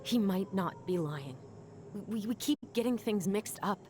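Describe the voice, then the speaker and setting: A troubled young woman from a story game, talking in a hesitant, uneasy way, as an actress voices her. Her voice sits mid-range for a woman, and a loud noisy ambience runs under it. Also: medium pitch, animated, measured pace, lightly acted. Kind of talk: video game voice acting.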